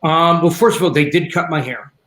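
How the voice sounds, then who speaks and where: A man comedian guest on a video chat, talking in a relaxed, rambling way. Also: a little high, fairly quick. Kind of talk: casual chat. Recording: roomy echo.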